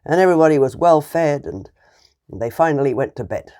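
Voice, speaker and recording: Animated woman telling a children's story. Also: low-pitched, fairly quick. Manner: animated and playful, with sound effects. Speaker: teacher.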